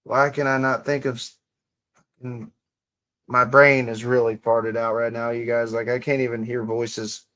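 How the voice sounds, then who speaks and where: A man's voice: medium pitch, flat delivery, a little slow, pushed and bright. A young man hosting a livestream, chatting in a rambling, offhand way full of casual swearing. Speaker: livestream host.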